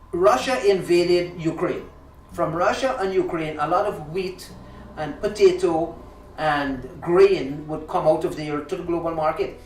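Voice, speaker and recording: A male talk show host delivers a heated monologue, pressing his points with indignation and frequent restarts. His voice sits at an ordinary pitch. He is recorded from a distance in a roomy, echoey space, with faint music underneath. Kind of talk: impassioned monologue.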